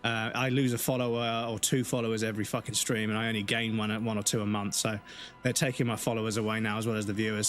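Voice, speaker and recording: Chatty streamer, swearing freely. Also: male voice, on the low side, a bit bright. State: slightly rough, dry throat. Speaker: live streamer. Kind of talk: casual stream chat.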